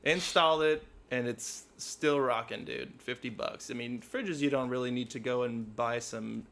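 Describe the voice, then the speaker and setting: A man's voice: mid-range voice, normal speed, gravelly, a bit bright. A young man co-hosting a podcast, chatting casually in an apartment with a laid-back, joking manner. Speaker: podcast co-host. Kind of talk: casual chat.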